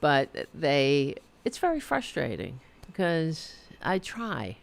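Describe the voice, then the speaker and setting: Rambling woman host, lively pitch. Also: takes it slowly, gravelly. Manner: rambling, self-deprecating, many restarts; reads viewer chat aloud. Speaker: podcast host. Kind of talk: casual solo talk show chat. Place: apartment.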